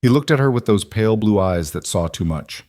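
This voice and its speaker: Low-voiced man narrating a story. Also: lively intonation, fairly quick, darkish tone, dry recording, studio quality.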